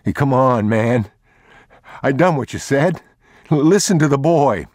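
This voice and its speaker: A man's voice: medium pitch, expressive, unhurried, a little mellow, dry recording, studio quality, pitched above the performer's own voice, lightly acted. A man reading an audiobook, voicing a desperate, starving thief who begs frantically. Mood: begging. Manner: begging, frantic.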